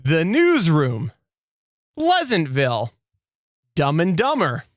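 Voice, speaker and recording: Playful male podcast quiz host, animated delivery, dry close sound. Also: fairly high pitch, slow pace, dry recording. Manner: playful, laughs often. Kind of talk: casual podcast game show.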